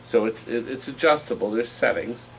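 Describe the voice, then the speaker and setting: A man's voice: medium pitch, moderate pace, fairly bright tone, a little hiss or hum, poor audio. A man hosting a live online auction stream, joking while describing items up close.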